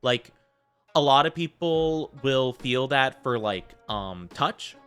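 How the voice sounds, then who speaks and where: Streamer host, male, bright forceful voice, rambling and giggly. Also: mid-range voice, lively intonation, slow, soft background music. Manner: rambling and giggly, full of filler "like". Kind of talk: casual live-stream chat.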